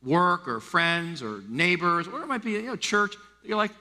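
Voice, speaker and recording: A middle-aged man from the United States preaching a sermon as a pastor, animated and stammering through restarts as he acts out quoted voices. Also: high-pitched, normal speed. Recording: long reverb of a large hall.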